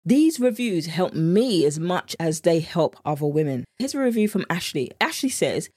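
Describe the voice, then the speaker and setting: A woman's voice: lowish voice, big pitch swings, normal speed, hardly any pauses, darkish tone, slightly rough, no room sound, clean studio sound. A woman with a British accent, hosting a podcast as a meal planning coach in an earnest, heartfelt and repetitive solo monologue.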